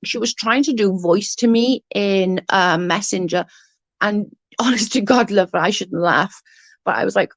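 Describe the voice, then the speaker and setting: Woman, fairly high voice, dry close mic; heated livestream rant, swears freely, addresses chat directly. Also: vocal fry, no room sound. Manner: indignant, swearing, talks straight to chat.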